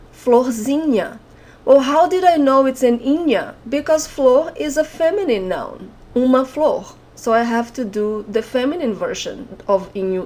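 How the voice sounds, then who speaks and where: A woman's voice: fairly high pitch, mellow. A young Brazilian woman with a Brazilian accent teaching an online language lesson, patiently repeating example words.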